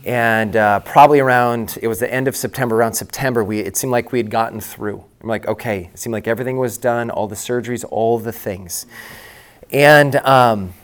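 A man's voice: medium pitch, a little fast. A middle-aged man, a lead pastor, telling his own story in a conference breakout session, candid and conversational, often restarting his sentences.

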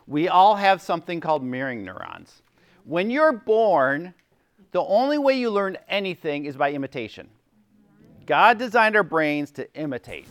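A man's voice: fairly high pitch, big pitch swings, normal speed, fairly bright tone, clear, resonant tone, no room sound. A middle-aged man giving an informal teaching talk to a group. He acts out little quotes and keeps checking in with "right?". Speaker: workshop speaker, former chaplain.

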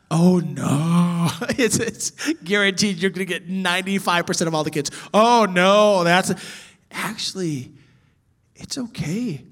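High, husky-voiced animated male teacher. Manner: animated, swings from loud emphasis to soft whisper. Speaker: children's ministry trainer. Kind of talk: teaching talk to church workers.

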